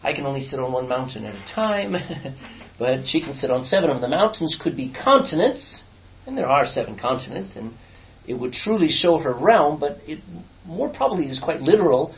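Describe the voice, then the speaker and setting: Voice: mid-range voice, very animated, normal speed. A Bible study teacher leading a class, reading verses aloud, explaining them and quizzing the students as they go. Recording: distant, dull lo-fi room recording.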